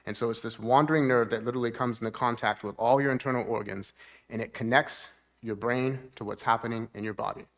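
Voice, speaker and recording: A man's voice: medium pitch, steady tone, fast talker, fairly bright tone. A man, a therapist, giving a talk at a church seminar. He explains things plainly, keeps checking in with the audience, and lifts his voice to act out moods.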